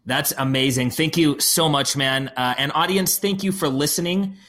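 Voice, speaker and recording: A man's voice: on the high side, moderate pace, a bit bright. A man hosting an interview podcast, reflective and affirming as he asks his guest questions. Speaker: podcast host.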